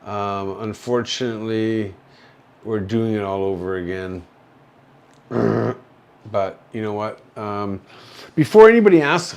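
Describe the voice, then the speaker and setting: A man from Canada hosting a casual livestream from a hospital room, rambling slowly with many fillers, drowsy and slurring from painkillers. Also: on the low side, darkish tone. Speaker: livestream host. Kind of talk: casual livestream chat reading viewer comments.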